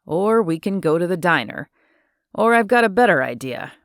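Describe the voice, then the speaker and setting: A woman narrator voicing a gentle, easygoing young male cowboy in an audiobook, her voice dropped a little lower. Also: moderate pace, dry recording, studio quality. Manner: gentle, relaxed drawl-free talk. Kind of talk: audiobook character voice.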